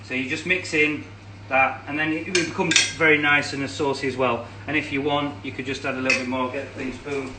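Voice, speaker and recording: A man's voice: medium pitch, fairly even intonation, brisk, few pauses, roomy sound, recorded from a distance, heavy background noise. A man with an English accent explaining a recipe as he cooks it live, chatty, with lots of ums. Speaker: cooking demonstrator. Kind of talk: casual live cooking demo. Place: home kitchen.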